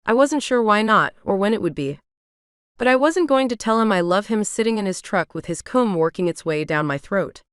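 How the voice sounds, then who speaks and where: Smooth, dry-voiced woman narrating a romance. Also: mid-range voice, animated, moderate pace, dry recording. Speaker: audiobook narrator. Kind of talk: first-person romance audiobook narration.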